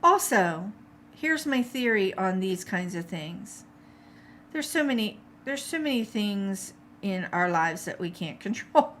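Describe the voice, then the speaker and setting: A woman's voice: medium pitch, expressive, measured pace, a bit bright, slight background noise. A middle-aged woman teaching a live watercolor paint-along, chatty and encouraging, reading out viewer comments as she paints. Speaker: art instructor.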